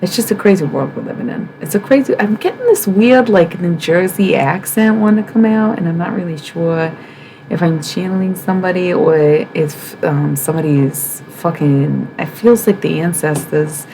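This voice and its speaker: A woman's voice: on the low side, normal speed, vocal fry, warm tone, a little hiss or hum, poor audio. A woman from the Midwest hosting a livestream, talking frankly and emphatically in a casual monologue, swearing and asking rhetorical questions. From American Midwest. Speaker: livestream host.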